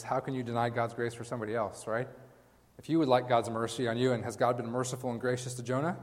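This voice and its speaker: Casual-talking preacher in a reverberant hall. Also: male voice, mid-range voice. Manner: casual preaching, asks the congregation questions, mock-quotes Jonah. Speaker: pastor. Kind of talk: sermon.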